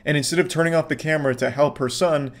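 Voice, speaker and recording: Male reaction host, deadpan, dry, swears freely. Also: on the high side, fast, noisy background. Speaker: online video reaction host. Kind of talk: sarcastic reaction commentary.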